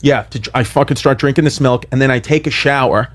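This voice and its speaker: A man telling a comedic story on a podcast, animated and profane, acting out the lines he quotes. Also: medium pitch, brisk.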